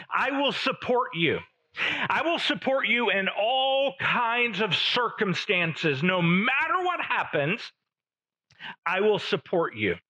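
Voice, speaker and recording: A man preaching a sermon, teaching slowly and deliberately with emphatic pauses. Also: high-pitched, bright, forceful tone, muffled recording. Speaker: pastor.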